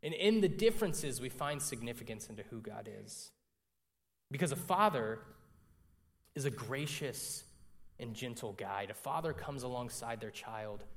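A young man preaching a sermon, telling a personal story in a conversational way and often checking in with the congregation. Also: medium pitch. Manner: conversational, frequent "right?" asides to the congregation.

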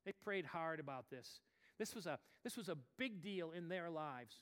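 A man preaching a sermon as pastor, swinging from near-whispers to loud outbursts. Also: on the high side, expressive, moderate pace, clean tone. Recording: long reverb of a large hall.

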